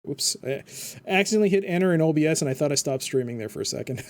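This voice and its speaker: Racing along in a mid-range voice with lively intonation, a game streamer chats casually during a live playthrough at a home computer, reading out the game's text and humming with the music.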